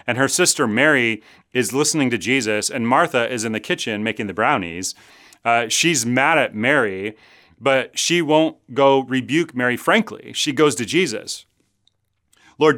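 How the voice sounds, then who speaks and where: A man's voice: medium pitch, a bit bright. A man preaching a sermon as pastor, earnest and conversational, acting out quoted voices as he retells stories.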